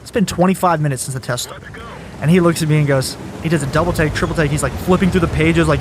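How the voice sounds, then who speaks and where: A man's voice: on the high side, very fast, noisy background. A young man in his twenties telling a story about dropping out of school in a casual podcast chat, swearing freely.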